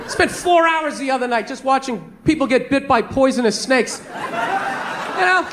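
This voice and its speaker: A male stand-up comic with a very high voice, ranting in an exasperated, profane way. The audience laughs, and noise rises from the room during the live show. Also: lively intonation, moderate pace, crowd noise. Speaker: stand-up comedian. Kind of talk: stand-up comedy set.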